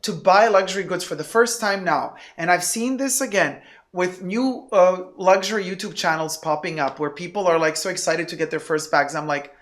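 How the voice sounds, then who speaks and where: A man who is a guest in a casual chat. He tells stories in a lively, playful way. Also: sits high, normal speed.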